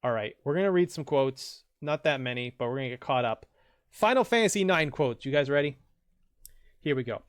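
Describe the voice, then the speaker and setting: A man streaming a game and reading out viewer quotes in casual, rambling chat, jumping into loud, high voices when he quotes someone. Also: animated, brisk.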